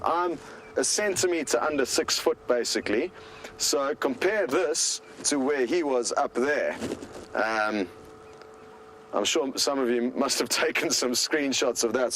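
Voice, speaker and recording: A man giving live commentary as a safari guide from a vehicle in the bush. He sounds calm, chatty and enthusiastic. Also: a little high, slight background noise.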